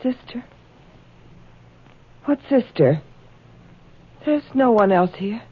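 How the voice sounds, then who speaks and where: A woman's voice: fairly high pitch, expressive, takes it slowly, breathy edge, exaggerated voice. An actress in a 1940s radio drama playing a frightened young woman who is accused of murder. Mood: pleading. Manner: breathless, anxious. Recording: dull old radio broadcast.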